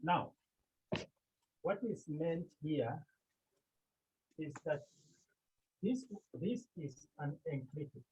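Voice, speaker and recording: A man from Cameroon leads a Greek class with a husky, slightly high voice. He speaks slowly and patiently, repeating each term and asking the students questions. The recording sounds muffled and narrow, like a phone line. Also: expressive, darkish tone. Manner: slow and deliberate, repeats terms and quizzes the class. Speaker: Greek teacher. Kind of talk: classroom lecture.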